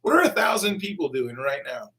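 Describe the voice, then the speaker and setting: A young man doing a laid-back live stream, reading out donations and comments. He swears freely, calls everyone dude, and breaks into excited bursts. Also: fairly high pitch, a little hiss or hum. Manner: bursts of excitement and quick laughs. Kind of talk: casual live-stream chat.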